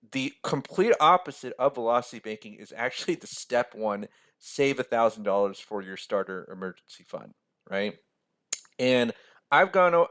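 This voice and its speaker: An American man hosting a casual finance video, talking in a chatty, rambling way. He keeps checking in with listeners as he explains, and his voice sits at a middle pitch. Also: a bit bright. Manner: chatty, rambling, says "right?" often. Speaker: financial mentor, video host.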